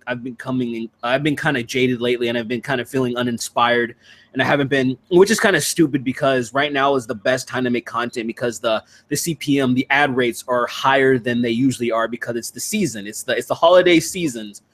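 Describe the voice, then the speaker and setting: A man hosting a casual video-call chat, rambling with lots of fillers and restarts, crude and quick to laugh. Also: medium pitch, fairly bright tone. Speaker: streamer hosting a patron hangout.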